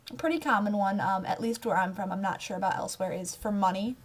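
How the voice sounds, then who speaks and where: Young american woman vlogging, chatty and giggly, talks with her hands, mid pitch voice. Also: fast talker. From United States. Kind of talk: casual talk to camera.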